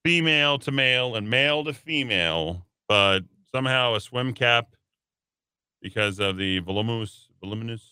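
A man's voice: medium pitch, expressive, normal speed, pushed and bright, clear, resonant tone, no echo. A man hosting a talk radio show, reading news items and adding sarcastic asides in a casual way. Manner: reads headlines then adds sarcastic asides.

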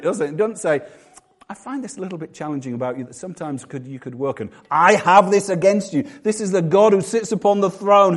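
A middle-aged pastor whose voice sits high delivers a sermon in church. He chats, pokes fun at himself, restarts often, and jokes with the congregation.

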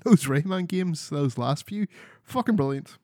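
A man's voice: a little high, animated, measured pace, warm tone, dry recording, clean studio sound. A man chatting casually about video games as a podcast co-host, rambling and swearing freely. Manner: sweary, rambling, restarts a lot.

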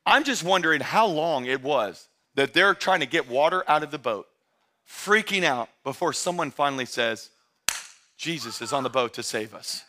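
A man preaching a sermon as pastor, talking straight to his church in a conversational way and often rising to emphatic, shouted excitement. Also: on the high side, moderate pace. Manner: conversational, addresses the congregation directly.

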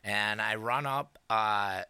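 A man in casual podcast chat, telling a story in a relaxed, rambling way with many fillers. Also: lowish voice, takes it slowly, clear, resonant tone, dry recording.

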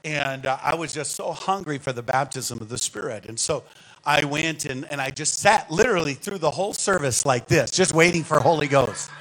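Poor audio captures a guest preacher at normal speed, his fairly high voice telling a conversational, animated storytelling sermon from the pulpit of a church sanctuary. Hushed asides give way to loud outbursts, and he shares laughter with the congregation.

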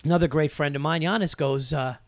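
A man's voice: on the high side, fairly quick, no room sound, clean studio sound. A man hosting a podcast, chatting casually in a rambling, profane way and acting out quotes as he tells stories. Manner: profane, rambling, animated storytelling with acted-out quotes. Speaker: podcast host. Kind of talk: casual chat.

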